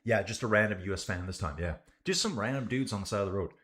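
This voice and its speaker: Here a fast-talking streamer with a lowish, slightly bright voice covers a bike race in relaxed fashion. Between calls he reads viewer comments and shouts out to everyone as "guys" and "dude."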